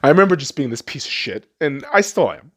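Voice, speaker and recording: Speaking fast in a mid-range, fairly bright voice with big pitch swings, a man in his late twenties from Las Vegas, USA, hosts a podcast. He's tearing up over a personal memory, cursing heavily and repeating himself in an emotional monologue.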